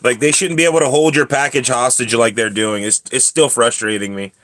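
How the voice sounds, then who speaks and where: A man hosting a casual livestream, chatting with viewers and ranting about a held-up package, with coughs and throat-clearing between lines. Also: mid-range voice, fairly even intonation, brisk, a bit bright, slight background noise. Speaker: livestream host.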